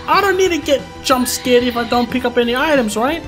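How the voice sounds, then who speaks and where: A man's voice: very high-pitched, a little fast. A man giving casual, jumpy gameplay commentary, exclaiming and yelping at the scares. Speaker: gamer playing a horror-heavy action game. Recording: game music playing loudly behind.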